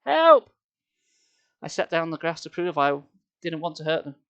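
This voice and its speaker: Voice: medium pitch, flat delivery, fast, clear, resonant tone, dull audio. Dry-witted streamer reading a children's book. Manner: dry, sarcastic. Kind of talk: live-stream book reading with sarcastic asides. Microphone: headset.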